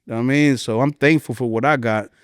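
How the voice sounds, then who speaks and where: A man's voice: fairly even intonation, fast, dry recording. Heartfelt New Jersey man, dry close mic. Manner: heartfelt, rambling, voice rises high when recalling. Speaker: hip-hop artist guest. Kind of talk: emotional interview talk.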